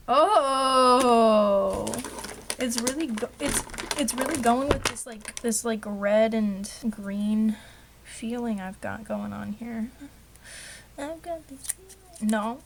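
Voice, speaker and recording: Young woman, self-mocking craft vlogger, slightly high pitch, light background noise. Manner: chatty, self-mocking, talks to herself. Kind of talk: casual rambling craft vlog.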